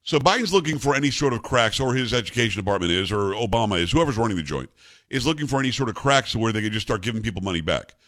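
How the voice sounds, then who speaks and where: Lively, emphatic male talk show host. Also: fairly low pitch, quick pace. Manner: emphatic, conversational, with folksy personal anecdotes. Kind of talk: opinionated talk radio commentary.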